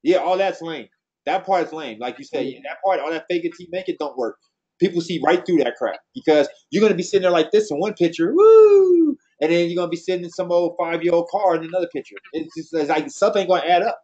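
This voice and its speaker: A man with a slightly high, husky voice talks fast and bluntly to his team, full of slang and conviction. The recording sounds dull and lo-fi. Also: darkish tone. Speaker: team trainer. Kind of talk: motivational team talk.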